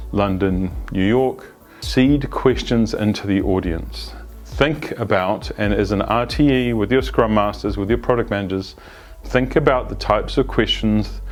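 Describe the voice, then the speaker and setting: A man gives an unscripted, conversational explanation as an agile coach, often restarting phrases and adding asides. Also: lowish voice. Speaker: agile coach presenting a video series. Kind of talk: unscripted instructional talk.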